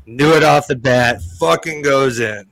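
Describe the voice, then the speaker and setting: Profane, animated storytelling man. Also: mid-range voice, a little slow, gravelly, no echo, low-quality recording. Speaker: podcast co-host telling a story. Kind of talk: casual storytelling chat.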